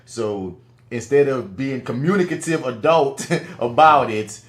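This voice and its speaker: A man's voice: medium pitch, expressive, a little slow. A man co-hosting a podcast, responding to a story with reflective, casual commentary. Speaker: podcast co-host. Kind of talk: casual chat.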